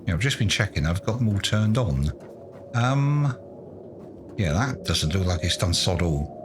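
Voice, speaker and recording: A man's voice: low-pitched, expressive, a little fast, background noise. A man doing let's play commentary, muttering to himself in a self-mocking, exasperated way. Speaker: gaming YouTuber.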